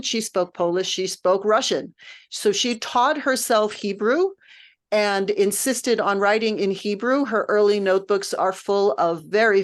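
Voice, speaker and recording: A woman music director leading a text study, lecturing informally in a thoughtful, patient way while she searches for her words. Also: mid-range voice.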